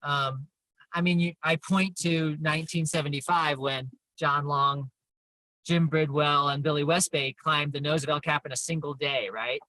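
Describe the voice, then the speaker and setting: Bright-voiced older man telling stories. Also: fairly high pitch, fairly even intonation, normal speed, no echo, poor audio. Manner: chatty, self-deprecating storytelling. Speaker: interviewee. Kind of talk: casual chat.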